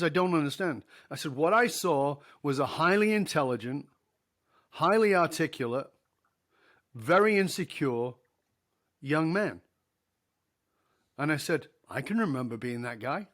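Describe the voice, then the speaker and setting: A man's voice: fairly high pitch, a bit bright. A middle-aged man, a leadership speaker telling a story as a podcast guest, acting out the dialogue and laughing along. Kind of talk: conversational storytelling.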